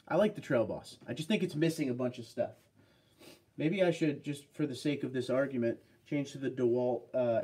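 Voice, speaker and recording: A man in his thirties chats casually on a home livestream. He rambles and jumps from one viewer comment to the next, with a mid-pitched everyday voice. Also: darkish tone. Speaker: livestream host.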